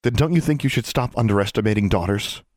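A man's voice: on the low side, fast, dry recording, voice pushed up, natural voice. A man voicing a fierce, determined young girl who talks bluntly and defiantly. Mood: challenging.

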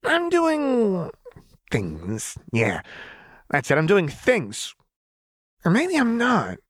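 A man voicing an erratic, unhinged young woman who speaks with eerie calm and sudden jumps in pitch. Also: drawn-out words, no echo, studio quality, full character voice. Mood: eerily calm. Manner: jumpy, swinging pitch.

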